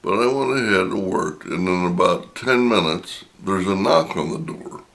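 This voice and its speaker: A middle-aged man, slowly telling a personal anecdote in a casual, drawn-out way. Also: low voice, animated, gravelly, a bit bright. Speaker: storyteller.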